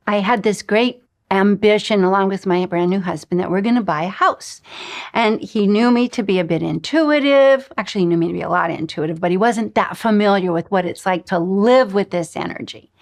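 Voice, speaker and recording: Middle-aged lady teaching a spirituality lesson, lively storyteller, acts out the dialogue, mid-pitched voice. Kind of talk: recorded lesson with personal stories.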